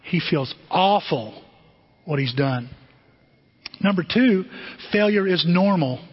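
A middle-aged man preaching a sermon as pastor, animated and conversational, often asking the congregation questions. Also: high-pitched, slow pace, husky. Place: church sanctuary. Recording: dull, muffled sermon recording with long hall reverb.

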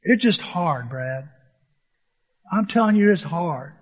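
Male pastor, high voice, animated storyteller, sermon in a hall with a long echo, dull sound. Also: slow, pauses often. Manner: animated storytelling, acts out dialogue.

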